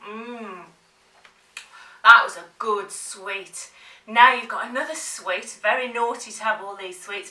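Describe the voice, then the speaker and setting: A woman leading a child through a playful drama warm-up, coaxing and encouraging. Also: on the high side, distant mic. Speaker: drama teacher. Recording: roomy, from off the mic.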